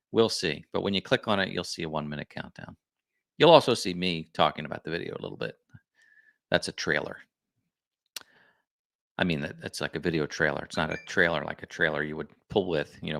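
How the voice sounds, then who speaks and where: A man's voice: deep voice, gravelly, a bit bright. A man hosting a casual livestream, rambling and correcting himself as he chats with viewers. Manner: rambling, self-correcting, chatty. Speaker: livestream host.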